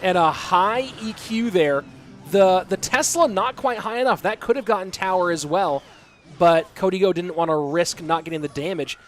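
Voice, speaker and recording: A man casting live esports play-by-play, chatty and reading out viewer messages between plays, getting excited at big plays. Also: high-pitched, normal speed, a little hiss or hum. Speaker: esports caster and stream host. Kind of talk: live play-by-play game commentary.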